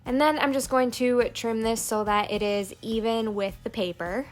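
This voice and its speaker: A woman narrating a plan-with-me planner video, calmly explaining each crafting step. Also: fairly high pitch, normal speed. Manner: calm step-by-step crafting walkthrough. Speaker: planner vlogger. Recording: soft background music.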